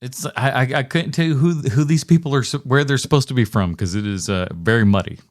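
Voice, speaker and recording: A man's voice: mid-range voice, fast talker, no echo, studio quality. A man co-hosting a movie podcast, talking casually with blunt, sarcastic jokes and the odd curse word. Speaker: podcast co-host. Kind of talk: casual movie review chat.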